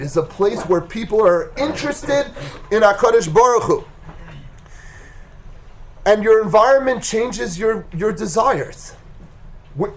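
A man teaching a Torah class, retelling a story with animated, emphatic delivery. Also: sits high.

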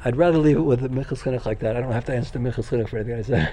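An older man teaching a Torah class, speaking with excited enthusiasm and frequently restarting and repeating his words. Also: mid-range voice, racing, slight background noise. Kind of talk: Torah lecture.

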